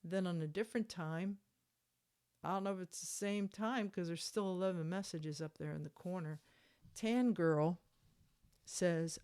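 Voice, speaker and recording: A woman's voice: lowish voice, measured pace, a little mellow, smooth. A woman reading messages aloud and breaking in with sarcastic, indignant commentary. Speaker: commentator reading court documents.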